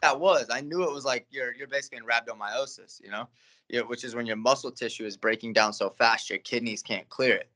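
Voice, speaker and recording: A man's voice: medium pitch, fairly quick, pushed and bright. A young man, a guest fighter, telling stories in a laid-back, casual interview, with plenty of fillers and swearing.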